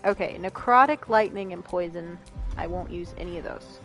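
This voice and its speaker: A woman's voice: fairly low pitch, moderate pace, over music. A woman streaming a video game, chatting casually, laughing often and reading lines aloud. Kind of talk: casual gameplay commentary.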